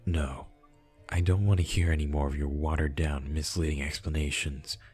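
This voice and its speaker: A man's voice: very deep voice, fairly even intonation, normal speed, a little mellow, husky, soft background music. A man voicing a betrayed, bitter young man. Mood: distraught. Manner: pleading, then bitter and sarcastic. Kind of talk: reading a visual novel aloud.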